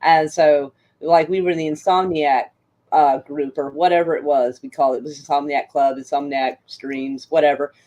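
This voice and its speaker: A woman's voice: sits low, fairly even intonation, normal speed, warm tone. A middle-aged woman streamer in casual chat, telling stories with frequent laughter and swearing. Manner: chatty storyteller, laughs often, swears.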